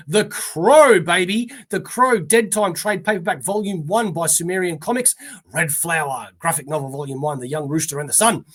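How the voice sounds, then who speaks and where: Man, australian accent, high voice, newscaster-style list reading, mumbled asides. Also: a bit bright. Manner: reads titles like a newscaster, trailing off into mumbled asides. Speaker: comic shop pre-order show host. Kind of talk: casual solo list reading.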